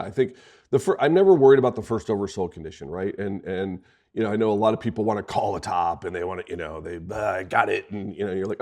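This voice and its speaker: A man with a fairly low voice discusses markets in a relaxed podcast conversation. He talks with emphasis and pokes fun at himself and others. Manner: emphatic, gets fired up and jokes. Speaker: market strategist.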